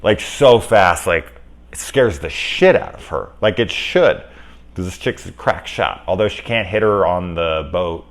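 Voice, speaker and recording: Guy with a low voice chatting through a movie review, loose and rambly, fixes himself mid sentence. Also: animated, measured pace. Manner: rambling, conversational, self-correcting. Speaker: film reviewer. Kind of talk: casual spoken movie review.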